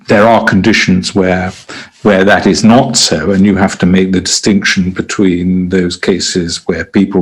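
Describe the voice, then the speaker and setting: A man's voice: sits low, breathy edge, low-quality recording. An older man, a former prison doctor on a podcast, telling stories hesitantly with frequent restarts and laughter. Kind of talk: conversational interview anecdotes.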